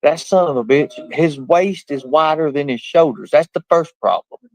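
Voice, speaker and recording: A man's voice: a little high, moderate pace, darkish tone, no echo, poor audio. A man hosting a livestream, ranting in a boastful, profane, mocking way. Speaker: livestream host. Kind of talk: casual livestream rant.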